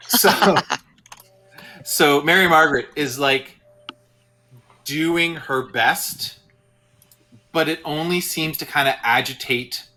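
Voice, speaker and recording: Male game master, bright tone, loose, rambling delivery. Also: a little high. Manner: rambling, filler-heavy narration. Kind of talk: narrating a tabletop game.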